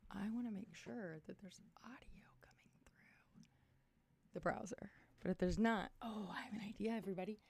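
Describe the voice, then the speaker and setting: A woman's voice: medium pitch, moderate pace, vocal fry, slightly rough. Tired, chatty woman livestreaming. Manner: chatty and excitable, jumps between topics. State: tired, losing her voice. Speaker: livestream host. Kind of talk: casual livestream chat. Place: small room at home.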